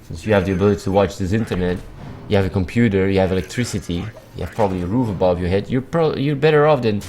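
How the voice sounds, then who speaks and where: Man, a streamer, rambling off the cuff with a low voice, blunt and sweary, with faint background hum. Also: fast, darkish tone. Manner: rambling, repetitive, lots of filler and restarts. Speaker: livestream host. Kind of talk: casual livestream monologue.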